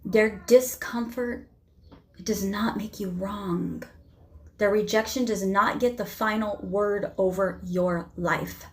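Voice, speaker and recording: A woman's voice: medium pitch, fairly even intonation, slow. A woman vlogger giving impassioned spoken commentary, emphatic and driving points home with sermon-like repetition.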